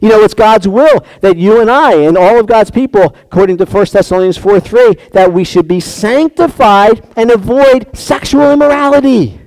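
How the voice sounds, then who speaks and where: A man's voice: high voice, normal speed, few pauses, darkish tone, dry recording. A man preaching a conversational sermon, acting out prayers and little dialogues as he goes.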